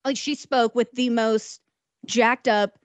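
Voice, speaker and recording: A woman from southern Illinois, co-hosting a podcast in lively casual chat, laughing often as she tells stories. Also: a little high, slow pace, dry recording. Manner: animated, laughs often, storytelling. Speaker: radio podcast co-host.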